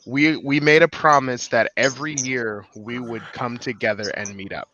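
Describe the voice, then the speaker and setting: Hesitant man with a bright voice, muffled mic. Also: mid-range voice, fairly even intonation, normal speed, slight background noise. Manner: hesitant, trailing off. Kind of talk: casual voice chat.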